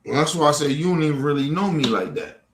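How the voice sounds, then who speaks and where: A man's voice: fairly high pitch, lively intonation, quick pace, slight background noise. A man hosting a livestream, confronting trolls in the chat in a heated, profane rant. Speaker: livestream host. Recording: echoey room.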